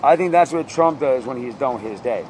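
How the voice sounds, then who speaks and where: A man's voice: medium pitch, lively intonation, moderate pace, a little mellow, slight background noise. A man improvising a rambling, slangy comedic rant as host, mock-interviewing someone.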